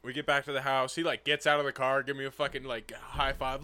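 A man's voice: fast, no echo. A young man co-hosting a casual podcast, telling a story with lots of swearing and acting out the people in it. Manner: animated, acts out quoted people with big pitch jumps, swears freely.

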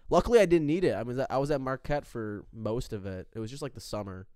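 A man's voice: medium pitch, fast, a little mellow, dry recording, clean studio sound. A young man telling a long story in casual chat, rambling with lots of fillers and acting out quotes. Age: young adult.

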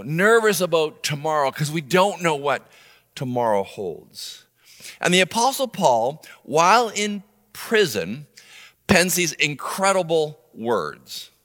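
A middle-aged man delivers a sermon in a bright, fairly high voice that rises and falls widely. He punches some words loudly and lets others fall quiet and low. Long reverb from a large room trails behind him. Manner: animated, swings between loud emphasis and soft low asides. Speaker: pastor.

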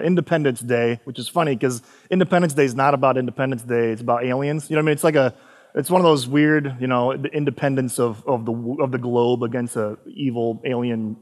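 A man who is a pastor, preaching a casual, conversational sermon with laughing asides and frequent tag questions, slowing down to read scripture. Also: medium pitch. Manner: slows down and lifts his voice for scripture readings. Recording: long hall reverb.

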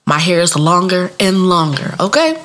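Animated profane woman telling a story. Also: normal speed. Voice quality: animated, acts out voices in high squeaky pitch. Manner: profane, playful, laughs at own jokes. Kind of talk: storytelling stand-up routine.

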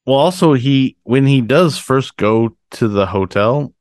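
A man's voice: medium pitch, animated, measured pace, darkish tone, dry recording, studio quality. A man co-hosting a podcast, speaking hesitantly with fillers and restarts in casual chat. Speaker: podcast co-host.

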